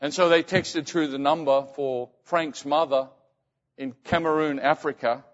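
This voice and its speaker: A man preaching as a pastor, telling a story and often halting and repeating words. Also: a little high, steady tone. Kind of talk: sermon storytelling. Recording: muffled sound in reverberant hall.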